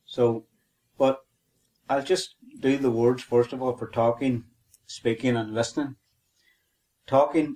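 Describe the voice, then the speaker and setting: A man's voice: mid-range voice, flat delivery, unhurried, pauses often, a little mellow. A man with a Northern Irish accent co-hosting a podcast, teaching a language lesson methodically and spelling and repeating words.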